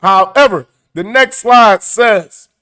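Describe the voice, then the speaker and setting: A man hosting a comedic news commentary show, animated, profane and mocking as he reacts to clips. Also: high-pitched, takes it slowly.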